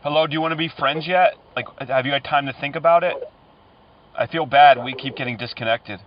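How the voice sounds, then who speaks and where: Brief: prank caller, man, playful flirting, higher voice, muffled line with faint hiss. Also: fairly quick. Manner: teasing, flirty pick-up lines. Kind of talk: prank phone call.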